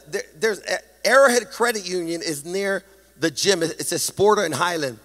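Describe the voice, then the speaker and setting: A man preaching a sermon as pastor, animated with a sing-song emphasis and self-deprecating humor, speaking into a stage microphone in a large church hall. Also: high-pitched.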